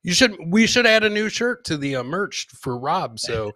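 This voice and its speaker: A man's voice: sits high, very animated, moderate pace, pushed and bright, no room sound. A man co-hosting a podcast, throwing in wisecracks during crude chat. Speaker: podcast co-host.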